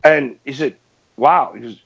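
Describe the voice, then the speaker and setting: A man's voice: a little high, normal speed. Chatty man telling a story, lo-fi. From New England. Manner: animated, laughing storyteller who acts out the dialogue. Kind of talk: casual storytelling. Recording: muffled lo-fi sound.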